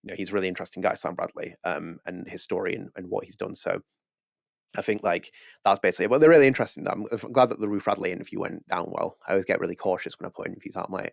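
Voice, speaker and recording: Fast-talking British man with gravelly low voice. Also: steady tone, no room sound, studio quality. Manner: chatty, rambling, self-deprecating. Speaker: podcast co-host. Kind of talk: casual podcast chat.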